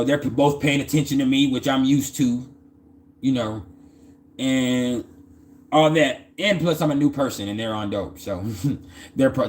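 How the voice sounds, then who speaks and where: A man casually telling a personal story in loose, profane slang, often stammering and restarting his sentences. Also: medium pitch.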